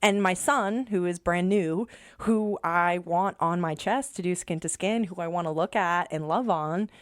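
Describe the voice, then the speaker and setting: A woman's voice: lowish voice, unhurried, dry recording, studio quality. A young adult woman, a podcast guest, telling her personal story with emotion and acting out remembered dialogue. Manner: animated, acts out remembered dialogue. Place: studio.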